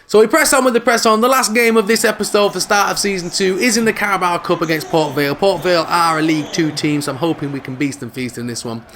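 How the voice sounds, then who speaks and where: A man commentates on his own football video game in a casual, jokey way. His voice sits fairly high and he talks with animated banter. A faint room ambience sits behind him. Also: fast talker, hardly any pauses, a little hiss or hum. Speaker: gaming video host.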